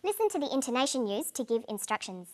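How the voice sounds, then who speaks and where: Clear-voiced woman teaching English. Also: sits high, very animated, fast, background noise. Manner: clear, explanatory. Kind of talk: scripted lesson narration.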